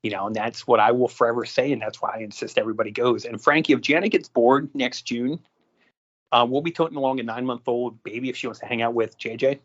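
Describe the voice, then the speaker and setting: Husky man telling animated stories. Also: mid-range voice, fast. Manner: animated anecdotes, acts out quotes. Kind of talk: casual storytelling. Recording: dull lo-fi audio.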